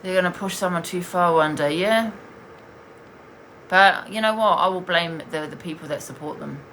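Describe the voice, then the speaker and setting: A woman's voice: on the low side, moderate pace, fairly bright tone, a little hiss or hum. A woman hosting a casual livestream, talking bluntly and rambling with swearing. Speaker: livestream host.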